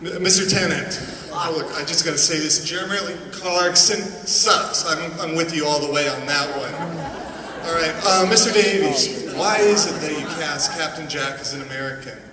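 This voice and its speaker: A man's voice: on the high side, normal speed. A man in the audience asking a question, eager and a little stumbling. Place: large convention hall with an audience. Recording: echoey hall, distant mic, background noise.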